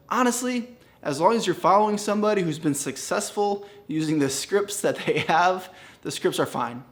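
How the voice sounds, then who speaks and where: An upbeat man coaching real estate agents on cold calls, speaking straight to the camera. His voice sits a little high for a man, and he keeps a smiling, energetic delivery while he stands. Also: moderate pace. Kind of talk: direct-to-camera teaching. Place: standing in a room.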